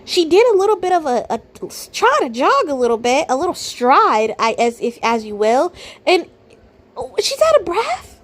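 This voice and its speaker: A woman giving blunt, incredulous reaction commentary, swinging from low muttering to loud outbursts. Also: sing-song, normal speed. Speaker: reaction video host.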